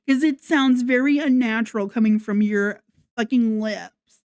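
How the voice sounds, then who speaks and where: A woman's voice: a little high, unhurried, darkish tone, clean tone, no echo. A woman ranting in a casual commentary vlog, sarcastic and mocking, swearing often. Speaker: commentary vlogger.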